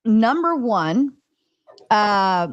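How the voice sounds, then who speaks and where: A woman running a live online panel in a loose, giggly way, her pitch sitting in the middle. She teases the panelists and swears casually. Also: sing-song, very slow, dry recording, muffled recording. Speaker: stream host and panel moderator. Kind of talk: casual live stream chat.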